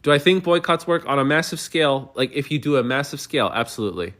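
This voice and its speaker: A man's voice: medium pitch, lively intonation, fast, fairly bright tone. A man hosting a livestream, answering viewer comments in a heated, argumentative way with many stumbling restarts. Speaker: livestream host.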